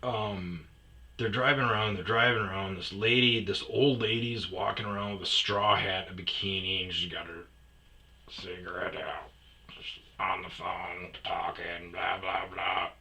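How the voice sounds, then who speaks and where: Bright-voiced man telling a rambling story. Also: deep voice, little pitch movement, unhurried. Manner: rambling, swears, acts out shouts in the story. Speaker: storyteller host. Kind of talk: casual storytelling. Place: lives on a self-storage property in Arizona.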